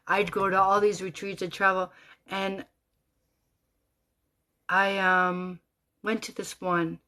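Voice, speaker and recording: Animated middle-aged woman telling a story. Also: mid-range voice. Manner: animated, swears freely, rambling with asides. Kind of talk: personal storytelling monologue.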